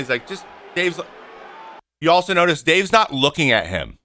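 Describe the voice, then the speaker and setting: A man in his thirties giving animated, opinionated casual commentary over game footage, acting out what the players say. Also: a little high, normal speed, slight background noise. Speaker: podcast host and former pitcher.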